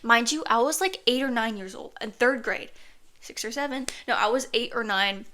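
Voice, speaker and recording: A woman's voice: on the high side, moderate pace, pushed and bright. Chatty woman telling a personal story. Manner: chatty, many "like" fillers, earnest. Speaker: storytime podcaster.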